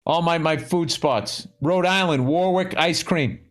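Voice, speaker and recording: Profane, blunt man, slightly high voice. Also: unhurried. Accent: Boston. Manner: blunt, profane, dry humor. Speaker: podcast co-host. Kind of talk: casual chat.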